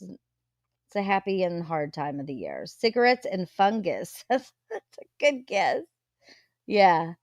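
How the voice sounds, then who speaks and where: A woman's voice: fairly low pitch, big pitch swings, slow pace, pauses often, dry recording, studio quality. A woman hosting a casual live chat, gossiping, greeting viewers and swearing freely. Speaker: livestream host.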